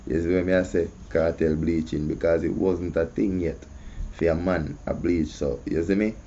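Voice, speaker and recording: A man's voice: low-pitched, steady tone, normal speed, warm tone, a little hiss or hum. A man with a Jamaican accent hosting casual commentary, often asking "you see me". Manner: conversational, repeats "you see me". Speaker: host. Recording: muffled lo-fi audio.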